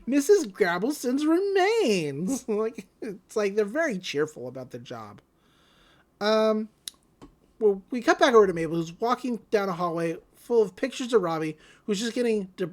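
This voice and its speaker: A woman co-hosting a podcast, casually recapping a cartoon episode in an animated way with many fillers. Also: medium pitch. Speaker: podcast co-host.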